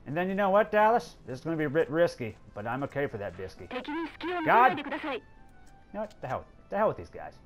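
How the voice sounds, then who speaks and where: A man doing casual let's play commentary, excitable, swearing often and talking to the characters on screen. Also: a little high, fast, music in the background. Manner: excitable, swears a lot, talks to game characters. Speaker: gameplay commentator.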